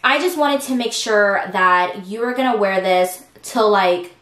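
A young woman hosting an eating show, chatting excitedly with viewers between bites. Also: mid-range voice, measured pace, reverberant. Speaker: mukbang host. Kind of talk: casual eating-show chat.

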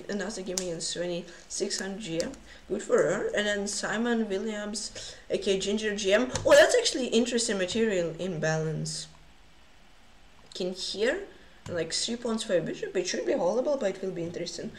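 A woman streamer casually commenting on chess games, excitable and full of gasps and exclamations. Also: medium pitch, brisk, reverberant, a little hiss or hum.

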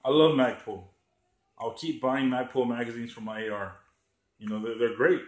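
A man's voice: mid-range voice, fairly even intonation, normal speed, a little hiss or hum. A man ranting in a profane, sarcastic vlog, often mocking others by raising his voice. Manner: heated, sarcastic, swears a lot, mocks others in a raised voice. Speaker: gun channel vlogger. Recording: echoey room.

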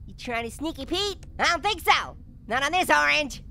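A man voicing a hyper, wisecracking male talking orange who hosts a cartoon gaming let's-play, with punning, jumpy, giggly commentary and a squeaky voice. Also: expressive, moderate pace, gravelly, noisy background, full character voice. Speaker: gaming host.

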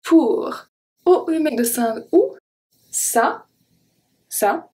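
A woman teaching pronunciation, saying each word slowly and repeating it before she explains its sounds. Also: sits high, animated, a little mellow. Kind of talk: slow word-by-word pronunciation lesson.

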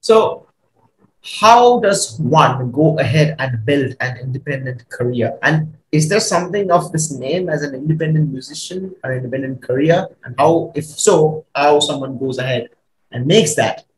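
A man hosts a casual podcast, his voice slightly high for a man. He hesitates and restarts while he frames questions. The room echoes, with a faint hiss behind. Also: moderate pace. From India. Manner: hesitant, many fillers and restarts. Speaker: podcast host.

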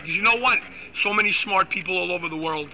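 A man hosting a live stream, ranting loudly and excitably with crude insults. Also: sits high, a little fast, a little hiss or hum, poor audio. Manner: loud, excitable, profane, insulting. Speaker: host. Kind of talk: live-streamed political rant.

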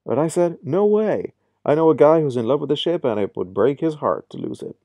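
A man's voice: a little high, expressive, a little fast, creaky, mellow, no echo, muffled recording. Casual: guy doing a pushy boat salesman from a game, swoopy sales talk, dry close sound. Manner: salesy, over-eager patter. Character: pushy fast-talking male used-ship salesman.

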